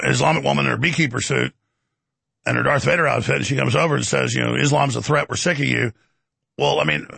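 Gravelly, combative talk radio host man. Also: medium pitch, no echo. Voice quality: gravelly, husky. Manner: forceful, combative, ranting. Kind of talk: heated talk radio monologue.

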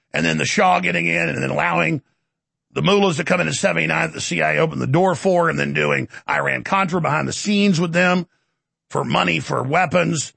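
A man hosting his own show, delivering rapid-fire political commentary in a combative, sarcastic way. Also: a little high, gravelly, fairly bright tone, no room sound. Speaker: show host.

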